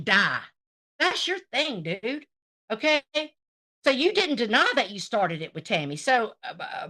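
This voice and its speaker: A woman's voice: fairly high pitch, pushed and bright. A woman hosting a livestream, ranting at a rival in a profane, confrontational and sarcastic way while greeting her chat. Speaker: livestream host. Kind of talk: livestream rant addressing chat.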